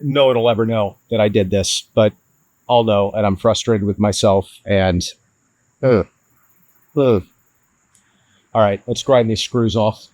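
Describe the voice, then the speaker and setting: A man vlogging his van build to the camera, frustrated and hard on himself, with halting restarts. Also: fairly low pitch, fairly even intonation, darkish tone, dry recording, rough recording. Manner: frustrated, self-critical, talks in restarts. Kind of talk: casual DIY vlog talk to camera.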